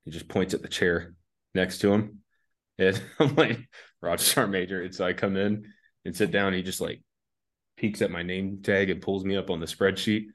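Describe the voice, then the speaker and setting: Laid-back low-voiced male storyteller. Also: steady tone, moderate pace. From United States. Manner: rambling, laid-back, laughs through his stories. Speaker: podcast guest, army veteran. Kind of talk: casual anecdotal storytelling.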